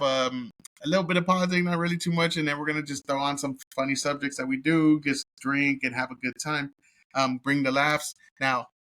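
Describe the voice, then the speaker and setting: A man reviews a film in a loose, unscripted way, swearing freely and stumbling through fillers as he retells scenes. His voice is bright and forceful, pitched in an ordinary middle range. He chuckles now and then as he goes along. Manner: profane and rambling, heavy cursing with filler words; amused, laughs while telling the story. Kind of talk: casual movie review.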